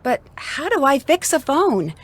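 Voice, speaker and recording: A woman's voice: high-pitched, very animated, unhurried. An actress voicing a curious young woman detective in a video game, thinking aloud as she investigates.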